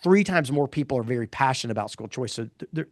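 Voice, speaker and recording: A middle-aged man presenting poll findings in a casual live talk, blunt and animated, rambling with restarts. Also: mid-range voice, quick pace, no echo, clean studio sound. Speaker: pollster presenting poll results.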